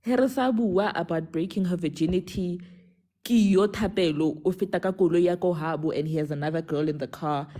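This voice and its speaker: Young South African woman, caller on a live stream, lively storyteller, lowish mellow voice. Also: a little fast. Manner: animated, switching between English and a local language mid-sentence.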